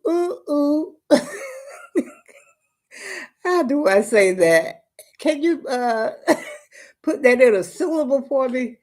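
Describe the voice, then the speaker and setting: Slow-talking chatty grandmother. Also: high voice, a little mellow. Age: older. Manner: chatty, homey, addresses viewers as y'all. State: out of breath. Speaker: vlogger. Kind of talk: casual live-stream chat.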